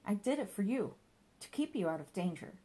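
A woman's voice: mid-range voice, sing-song, fairly quick, dark tone, husky, voice pushed up. Woman doing a fussy furry monkey-boy sidekick. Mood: fretting. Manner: fussy, smothering, bossy. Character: meddling furry male monkey-boy companion.

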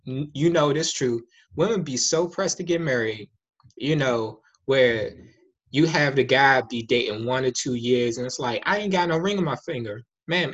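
A man's voice: medium pitch, breathy edge, dull audio. A man in casual chat, speaking candidly in a rambling, slangy way.

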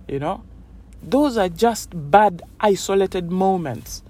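A woman's voice: mid-range voice, animated, takes it slowly, mellow. A woman hosting a podcast, talking in a casual, rambling motivational monologue full of "you know"s. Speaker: podcast host.

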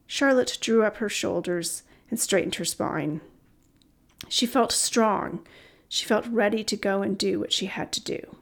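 Audiobook narrator, female, mid pitch, gravelly edge; steady, expressive read. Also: a little slow. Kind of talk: scripted story narration.

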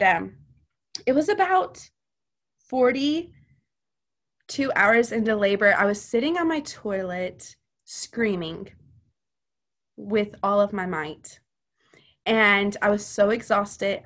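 A woman's voice: medium pitch, animated, slow pace, long pauses, a bit bright. Female podcast guest, personal testimony, earnest and chatty with filler words.

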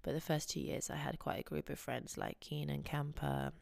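Gravelly low-voiced woman podcast host. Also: little pitch movement, normal speed, a little mellow, no echo, clean studio sound. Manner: chatty, giggly, rambling storytelling. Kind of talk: casual chat.

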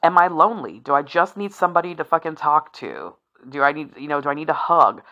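A woman in her forties with a low voice that still has a bright, forceful edge. She talks frankly and swears freely, rambling through asides with a laugh here and there. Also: animated, brisk, lo-fi sound. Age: 40s. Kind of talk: candid solo talk.

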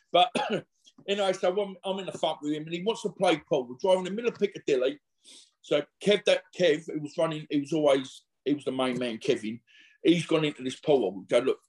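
A middle-aged man talks in a rambling, slangy way, stopping and restarting as he acts out what others said. His voice sits a little higher than most men's. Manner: rambling and slangy, full of restarts and acted-out quotes. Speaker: interview guest. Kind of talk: casual anecdotal storytelling.

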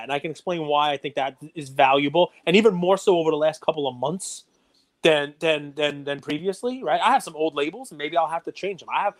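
Animated man ranting on a podcast. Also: on the high side. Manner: animated, gets worked up and loud. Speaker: podcast co-host. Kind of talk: casual podcast talk.

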